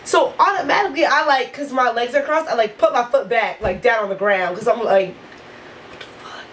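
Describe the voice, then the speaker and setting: A woman vlogger with a high voice tells a storytime straight to camera. She is animated and profane, with "like" in almost every phrase. A faint hiss of noise sits under her voice. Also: brisk, low-quality recording. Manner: animated, profane, heavy use of "like". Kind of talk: storytime vlog.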